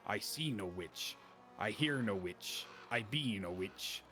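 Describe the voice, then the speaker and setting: A man voicing a gruff, superstitious old male villager with a put-on Irish-like lilt, reading game dialogue aloud in a low, muttering voice. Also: expressive, slow, music in the background. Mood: grumbling.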